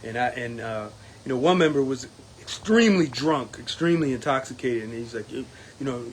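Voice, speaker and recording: A man's voice: medium pitch, lively intonation, a little fast, slight background noise, poor audio. A man, a union steward running for local president, recapping an event in a casual talking-to-camera monologue, emphatic and defiant, with many fillers and restarts.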